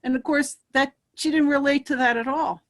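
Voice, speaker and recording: A woman's voice: high-pitched, fairly even intonation, moderate pace, no echo. An older woman, a guest in a casual interview, speaking reflectively. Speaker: guest medium.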